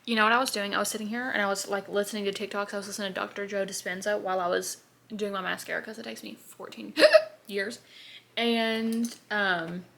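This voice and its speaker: A woman's voice: mid-range voice, fairly even intonation, fairly quick, creaky, fairly bright tone, slight background noise. A young woman, chatting in a bubbly, rambling way while doing her makeup on camera. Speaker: beauty vlogger. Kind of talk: casual get-ready-with-me chat.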